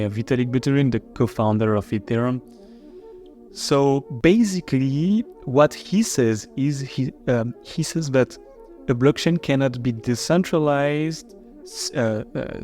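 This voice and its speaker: A man's voice: mid-range voice, darkish tone. A man with a French accent, a marketing chief, explaining his project in a casual podcast, with many fillers and restarts.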